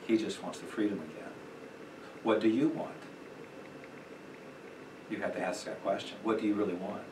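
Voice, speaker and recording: A man's voice: on the low side, moderate pace. Middle-aged man teaching in an echoey room. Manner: conversational, with lively acted quotes and fillers. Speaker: Bible class teacher. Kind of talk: parenting class lecture. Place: church classroom. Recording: echoey room, distant mic, noisy.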